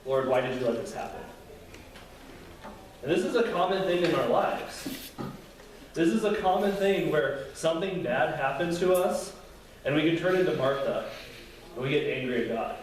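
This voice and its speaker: A man's voice: a little high, normal speed, slight background noise. A young man giving a casual Bible lesson to a youth group, speaking conversationally and acting out quotes with feeling. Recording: very echoey room, distant mic, faint ambience.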